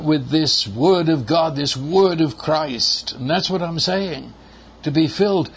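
Older man, sermon, slow and emphatic, repeats phrases, husky voice. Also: fairly high pitch. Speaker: preacher.

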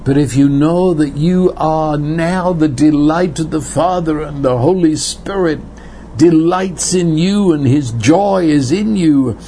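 A man preaching a sermon in an earnest way, repeating words and slowing down for emphasis. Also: on the high side, mellow, a little hiss or hum.

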